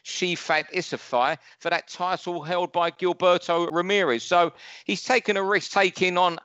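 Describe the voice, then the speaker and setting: Ranting London boxing pundit. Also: male voice, high-pitched, steady tone, normal speed, sharp tone, no room sound, dull audio. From London, England. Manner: chatty, ranting, opinionated. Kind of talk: casual podcast chat.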